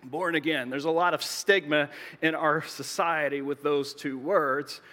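A male pastor delivers a sermon in a conversational, explanatory style, tossing in joking asides. His voice leans high, bright and forceful, with fairly even intonation and a measured pace. The long reverb of a large hall fills the recording.

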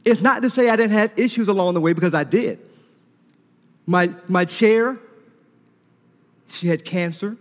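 A man preaching a sermon to a congregation, telling a personal story in an animated way, laughing and acting out conversations. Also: high-pitched, a little slow, long pauses. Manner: animated storyteller who laughs and acts out dialogue. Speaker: preacher giving a testimony. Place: large hall before a congregation. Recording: long reverb from a large hall.

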